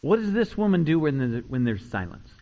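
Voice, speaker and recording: A man preaching a sermon, swinging between loud, rising retellings and quiet, low asides. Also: big pitch swings, a little fast, creaky, lo-fi sound. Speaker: pastor.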